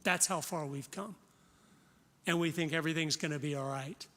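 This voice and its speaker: A man's voice: a little high, moderate pace, fairly bright tone. A man in his fifties from Florida, giving an impassioned, direct conference talk in a preacherly manner. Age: 50s. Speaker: conference speaker. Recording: long reverb of a large hall.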